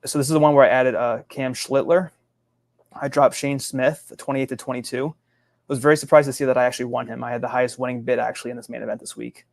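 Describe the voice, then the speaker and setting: A man guesting on a fantasy baseball podcast, talking in an easygoing, halting way. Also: mid-range voice, fairly even intonation, gravelly, no echo. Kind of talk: casual fantasy baseball chat.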